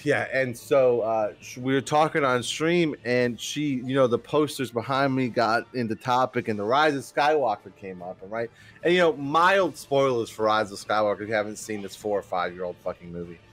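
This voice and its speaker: Male podcast co-host, casual rambler, medium pitch, faint music bed. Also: moderate pace, a bit bright. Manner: rambling storyteller, swears, acts out quotes. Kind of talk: casual chat.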